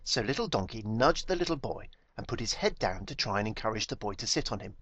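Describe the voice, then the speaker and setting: A man reading his own children's story aloud with gentle, expressive storytelling. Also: on the low side, quick pace, dry recording. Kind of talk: storybook narration.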